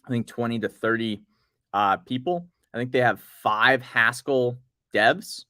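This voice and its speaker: A co-host on a laid-back crypto news podcast talks in a mid-range voice at a measured pace. He rambles through his notes and reads parts of project notes aloud. The sound is dry and studio quality.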